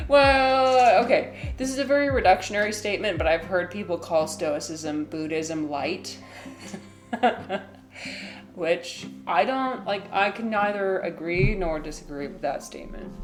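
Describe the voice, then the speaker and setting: Rambling, giggly woman streamer. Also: lowish voice. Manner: rambling, giggly, reads chat aloud. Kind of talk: casual livestream chat.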